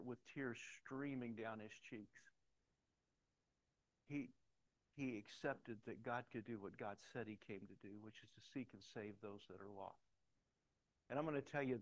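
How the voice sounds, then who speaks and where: A man's voice: medium pitch, poor audio. Middle-aged pastor, man, preaches in a chatty storytelling style and gets emphatic. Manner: conversational storytelling, emphatic at points. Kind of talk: sermon with personal stories.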